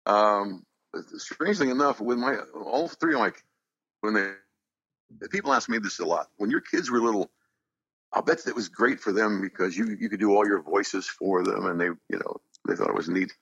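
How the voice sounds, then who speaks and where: An older man telling stories in a relaxed, wry manner. His low voice is gravelly and a bit husky but moves freely up and down. It is recorded dry and close. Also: moderate pace, dry recording, dull audio. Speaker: voice actor, guest. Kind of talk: casual interview chat.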